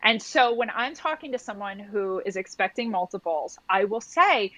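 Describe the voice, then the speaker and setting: A woman's voice: mid-range voice, animated, normal speed, fairly bright tone, dry recording, poor audio. A woman who works as a postpartum doula, talking in a podcast conversation and acting out little quoted exchanges as she explains.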